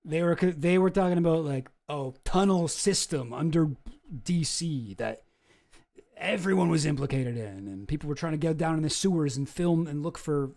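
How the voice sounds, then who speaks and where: A man's voice: on the high side, a little mellow. A man streaming, reacting to a video in a rambling, exasperated way and swearing freely. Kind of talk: casual commentary.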